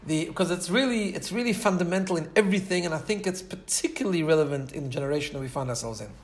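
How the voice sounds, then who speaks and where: A man's voice: fairly high pitch, expressive, fast. Earnest man telling a sermon story. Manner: earnest, repeats words while telling a story. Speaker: Torah teacher.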